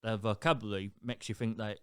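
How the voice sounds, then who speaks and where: A young man co-hosting a podcast, telling stories in an animated, casual way. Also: lowish voice, fast, clean tone, dry recording, studio quality. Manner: animated storytelling, swears freely. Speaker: podcast co-host. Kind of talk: casual chat.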